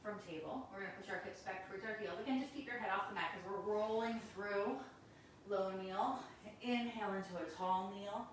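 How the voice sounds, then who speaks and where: A woman teaching a guided yoga class, giving calm, encouraging cues while doing the poses and a little out of breath. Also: mid-range voice, very echoey, distant mic, a little hiss or hum, rough recording. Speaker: yoga instructor.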